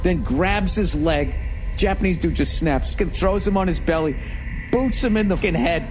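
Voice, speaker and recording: A man telling a wrestling story in a casual, animated way, swearing often. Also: sits high, normal speed, noisy background. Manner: animated, profane, laughing storyteller.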